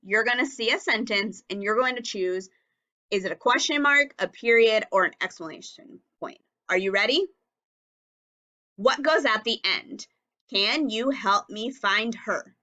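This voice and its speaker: A woman teaching a recorded phonics and punctuation lesson for young children, speaking slowly and enunciating each word and sound clearly. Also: a little high, pushed and bright.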